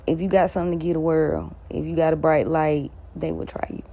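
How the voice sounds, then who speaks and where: A woman's voice: low voice, brisk, gravelly, mellow. A woman in her thirties telling her story in a casual monologue, blunt and profane, laughing between lines. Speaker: spiritual content creator.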